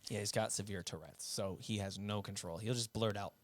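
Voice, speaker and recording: A man's voice: on the low side, a little fast. Laid-back storytelling man, swears freely. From upstate New York. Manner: laughs often, swears freely, relaxed. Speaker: guest musician. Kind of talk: casual storytelling.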